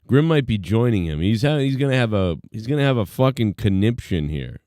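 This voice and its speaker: A man with a low, mellow voice talks casually as the host of a live stream. His tone is smooth and dry, and he rambles along loosely, thinking out loud. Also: big pitch swings, brisk, hardly any pauses, dry recording. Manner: laid-back, rambling, lots of fillers.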